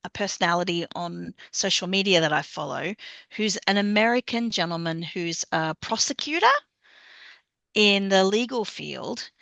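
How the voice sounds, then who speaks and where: A woman's voice: medium pitch, moderate pace, vocal fry, fairly bright tone, dry recording. A woman taking part in a webinar, speaking hesitantly and searching for her words. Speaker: webinar participant. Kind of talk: audience question.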